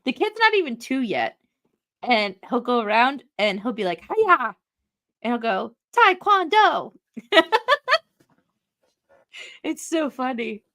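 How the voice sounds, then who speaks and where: Bright, animated woman storyteller. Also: a little high, normal speed. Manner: animated storyteller, laughs often. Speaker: podcast co-host. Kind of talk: casual chat.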